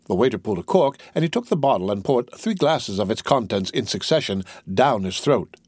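A male audiobook narrator reads with a husky grain and a lively, animated melody. His delivery is expressive and storytelling. The recording is dry and close. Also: mid-range voice, no echo. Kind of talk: scripted narration of a novel.

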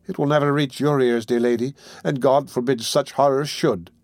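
A man's voice: medium pitch, fairly even intonation, moderate pace, darkish tone, no room sound, studio quality, lightly acted. A man voicing a fearful young street woman in an audiobook reading, who talks in an agitated, hasty way with broken restarts. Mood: despairing. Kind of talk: audiobook character voice.

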